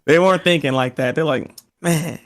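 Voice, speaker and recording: A man's voice: a little high, expressive, a little fast, creaky, no echo. A man co-hosting a casual chat, stammering and repeating words, laughing often. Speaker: podcast co-host.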